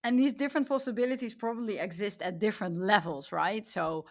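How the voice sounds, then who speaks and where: Woman with a creaky voice. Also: medium pitch, brisk. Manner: curious, asks layered questions with self-corrections. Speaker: podcast host, interviewer. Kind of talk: casual interview talk.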